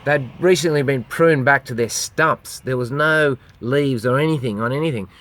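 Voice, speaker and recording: Talking directly to the camera, an Australian man who performs on the street with a goat rambles through a lengthy tale, cursing liberally and voicing what others said. He has a medium pitch, normal speed and a slightly bright tone.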